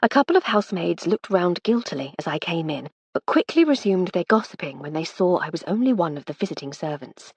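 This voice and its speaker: A woman narrates a first-person audiobook in a wry, storytelling manner. Her husky voice moves with plenty of lilt, and the recording is dry and close. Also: lowish voice, animated, brisk, hardly any pauses, no room sound.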